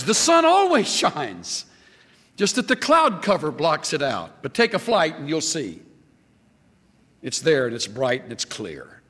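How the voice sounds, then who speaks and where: Animated, bright-voiced male preacher. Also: a little high, in a large hall. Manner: emphatic, lively preaching with scripture quotes. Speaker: pastor. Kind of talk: sermon.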